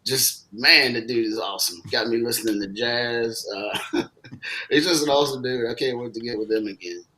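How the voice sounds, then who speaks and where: A man from Southeast Texas with a Texan accent, talking casually as a guest, easygoing and halting with lots of fillers. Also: medium pitch, pushed and bright, a little hiss or hum, rough recording. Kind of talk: casual conversation.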